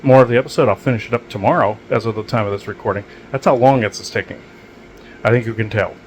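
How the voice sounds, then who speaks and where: A fairly low-pitched man talks fast on his own channel, with slight background noise behind him. His casual talk drifts around, packed with fillers and restarts, and he describes weird experiences matter-of-factly.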